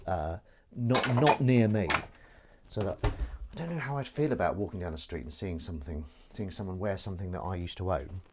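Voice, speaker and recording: A man's voice: on the low side, a little mellow, a little hiss or hum. A man hosting a live stream from his kitchen sink, rambling jokily and self-aware as he does the washing up. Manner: chatty, self-aware, jokey. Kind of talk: casual rambling monologue. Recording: clattering dishes and cutlery behind.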